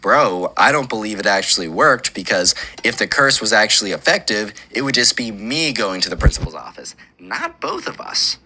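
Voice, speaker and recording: A man's voice: on the low side, big pitch swings, normal speed, hardly any pauses, bright, forceful tone, slight background noise, heavily acted. A man voicing an exasperated, skeptical schoolboy in a casual retelling. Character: fed-up boy in middle school, skeptical.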